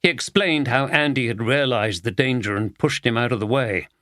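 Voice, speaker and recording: A man reading a mystery audiobook aloud in steady, even scripted narration. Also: mid-range voice, moderate pace, no echo, clean studio sound.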